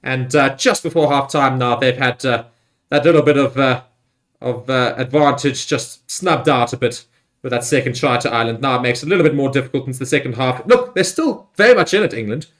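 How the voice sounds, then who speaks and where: A man hosting a live rugby watchalong, talking loosely with many fillers and getting excited on big plays. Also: medium pitch, a little fast. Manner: rambling with fillers and restarts. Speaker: livestream host. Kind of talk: live match watchalong commentary.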